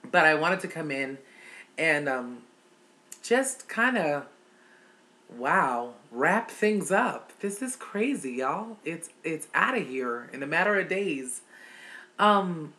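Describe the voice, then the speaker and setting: A woman's voice: sits low, sing-song, slow pace, pushed and bright. A middle-aged woman vlogging in a casual, heartfelt chat to her viewers, calling them y'all.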